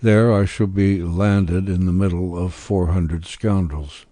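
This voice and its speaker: A man's voice: low voice, steady tone, slow pace, dark tone, dry recording. A man reading aloud as a young, ambitious, scheming peasant-born man, bitter and intense, with defiant outbursts. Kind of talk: audiobook character reading.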